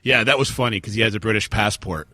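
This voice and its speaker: A man co-hosting a podcast, chatting in an excitable, jokey and crude way. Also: lowish voice, fast, no room sound, clean studio sound. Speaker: podcast co-host. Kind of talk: casual podcast chat.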